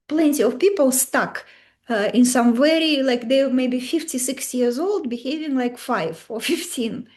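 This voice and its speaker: Woman, high voice, coach, live online class, video call mic, emphatic, simple non-native English phrasing. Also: moderate pace. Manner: animated, emphatic, acts out client quotes in varied voices. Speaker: beauty and mindset coach.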